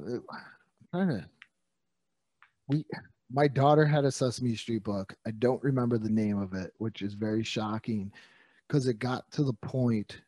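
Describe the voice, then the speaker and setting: A middle-aged man with a mellow, darker tone chats loosely, looping back and correcting himself as he talks. His delivery is jokey and rambling, and the sound is dry and close with no room around it. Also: on the low side, no room sound. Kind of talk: casual chat.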